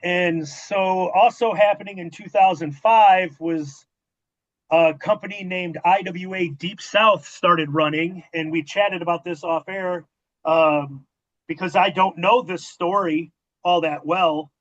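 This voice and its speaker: A man with a fairly high-pitched voice tells backstage stories in a loose, conversational way, acting out the dialogue and swearing freely. The recording is dull and lo-fi. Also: slow. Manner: profane, animated storytelling with quoted dialogue. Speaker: podcast host and former wrestling manager. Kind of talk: casual storytelling interview. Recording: dull lo-fi audio.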